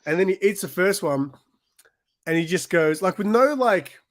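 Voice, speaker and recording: A man's voice: high-pitched, expressive, moderate pace. Rambling man, casual chat. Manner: rambling storyteller with many restarts and fillers. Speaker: podcast co-host.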